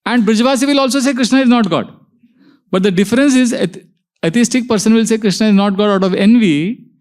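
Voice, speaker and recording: A high-pitched man delivers a devotional lecture to a live audience. He tells stories, slipping into the voices of the characters he quotes, and stretches out phrases he wants to land. His tone is that of a patient spiritual teacher. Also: darkish tone. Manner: storytelling, acts out quoted dialogue, slows for emphasis.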